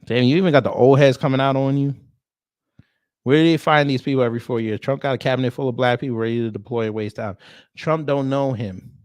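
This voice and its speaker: A man's voice: medium pitch, fast talker, darkish tone, no echo. Man drawling wry reaction commentary. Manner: wry, drawling asides between read-out comments. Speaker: reaction video host.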